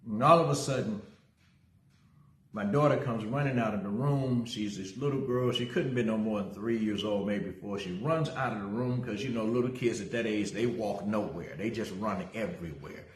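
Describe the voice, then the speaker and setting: A man's voice: lowish voice, normal speed, a little hiss or hum. A middle-aged male pastor giving a casual livestream sermon. He talks energetically, greets viewers by name and tells a story from his own life. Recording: roomy echo.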